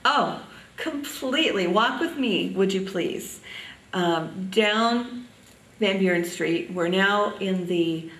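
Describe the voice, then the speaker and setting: Older woman, oral history interviewee, halting reminiscence, distant mic. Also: medium pitch, fairly bright tone, echoey room. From Indiana, US. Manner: reminiscing, halting with many ums.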